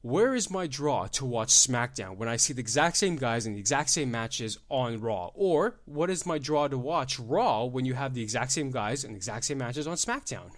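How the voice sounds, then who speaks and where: A man's voice: mid-range voice, normal speed, hardly any pauses. A young man hosting a solo wrestling podcast, ranting emphatically and repeating himself for effect. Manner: animated, ranting, emphatic repetition. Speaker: podcast host.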